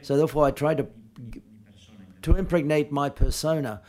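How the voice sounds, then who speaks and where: A man answering questions at a film press conference, speaking haltingly and often restarting and correcting himself. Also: a little high, fairly even intonation, a little mellow.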